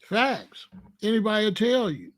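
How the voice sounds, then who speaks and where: A man's voice: high-pitched, very animated, moderate pace. A man from Chicago, hosting his show, telling a story in a casual, slangy monologue and acting out the other people's lines. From Chicago, USA. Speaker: show host.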